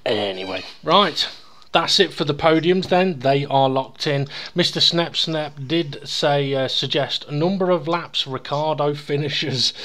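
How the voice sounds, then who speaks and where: Man, podcast host, casual chat, rambling, sweary, a bit high-pitched. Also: unhurried, sharp tone.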